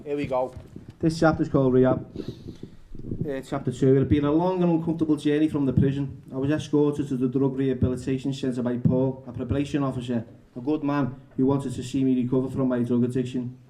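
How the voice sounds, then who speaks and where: A man's voice: mid-range voice, level tone, fairly quick, mellow, a little hiss or hum. A man telling candid stories and reading his own book aloud at a bookshop event, frank and self-mocking, chatty with lots of fillers. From England.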